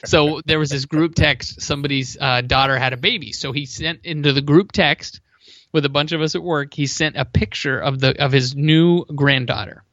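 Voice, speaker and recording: Lively man with a muffled sound. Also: fairly high pitch, normal speed, dry recording. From Massachusetts, USA. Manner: animated, rambling storyteller. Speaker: co-host of a sports show. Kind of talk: casual sports chat and anecdote.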